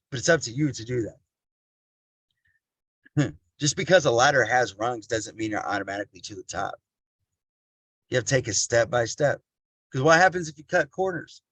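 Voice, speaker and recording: A middle-aged man delivers a casual motivational talk in a blunt, plain-spoken way, hammering points home by repeating them. His voice sits at an ordinary male pitch. The sound is close and dry, with almost no room echo. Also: fairly bright tone. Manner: addresses listeners as family. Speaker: motivational speaker.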